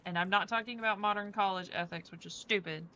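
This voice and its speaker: A woman's voice: medium pitch, steady tone, fast, sharp tone, dull audio. Chatty, rambling woman streamer. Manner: rambling, chatty, with many fillers. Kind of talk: casual chat while playing a game.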